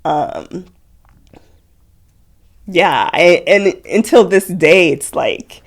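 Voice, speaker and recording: A young woman telling her story as a guest in an interview, speaking softly with many fillers and quoted dialogue. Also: lowish voice, extremely slow. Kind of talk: emotional personal interview.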